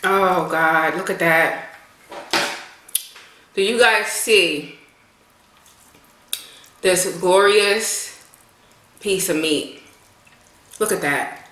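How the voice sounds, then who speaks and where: Bright-voiced woman in a mukbang vlog. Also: fairly low pitch, roomy sound. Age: late 20s. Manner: chatty, savoring food with drawn-out hums; eating while talking. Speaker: mukbang vlogger. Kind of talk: casual eating vlog. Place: home, with a plane passing overhead.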